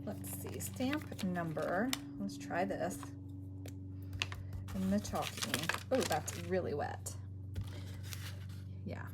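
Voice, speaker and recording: Woman craft host, relaxed self-talk, slow pace, noisy recording. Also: on the low side. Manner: talks to herself while working, trailing off and muttering. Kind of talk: casual crafting commentary.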